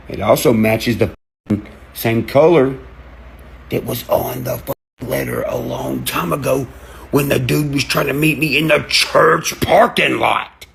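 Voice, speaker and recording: A man, ranting excitedly to camera, cursing and jumping from one topic to the next as he acts out quotes. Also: mid-range voice, vocal fry, breathy edge. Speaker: online creator. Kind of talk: rambling rant to camera.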